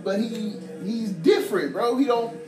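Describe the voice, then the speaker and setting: A young man from Ohio co-hosting a podcast, telling stories in a loud, profane, animated way and laughing often. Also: high voice, measured pace. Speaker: podcast co-host. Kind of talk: casual chat. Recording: echoey room with music behind.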